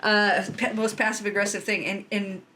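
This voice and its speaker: A woman comedian guesting on a podcast, rambling playfully about plants and breaking into loud bits. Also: mid-range voice, little pitch movement, moderate pace, a little hiss or hum. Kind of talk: casual comedy chat.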